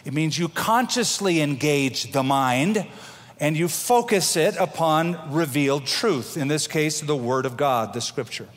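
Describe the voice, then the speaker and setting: A middle-aged male pastor delivers a sermon in a chatty, down-to-earth way, slipping into homely asides and sometimes restarting his words. His voice sits a little high for a man. The sound carries a long, ringing reverb from a large hall. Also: lively intonation, a little slow, faint music behind. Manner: conversational preaching with homely asides and repeated restarts.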